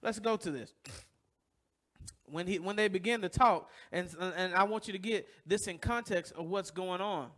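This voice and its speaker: A man's voice: high voice, normal speed. A man preaching a sermon to his congregation, telling a personal story and asking rhetorical questions, acting out other people's voices along the way. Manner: acts out voices in stories, loud bursts. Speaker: pastor. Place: church.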